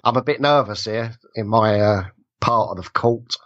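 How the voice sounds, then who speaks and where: A man's voice: fairly low pitch, moderate pace, fairly bright tone, lo-fi sound. A man with an English accent, a podcast guest joking his way through a mock trial, self-deprecating and hesitant with restarts. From England. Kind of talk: casual mock-trial banter.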